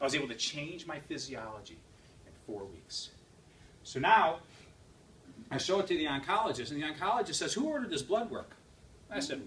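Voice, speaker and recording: A man speaking as a guest at an event, telling a story with lively emphasis, quick laughs and repeated phrases. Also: fairly high pitch. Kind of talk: motivational talk to an audience. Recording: distant mic with faint room noise.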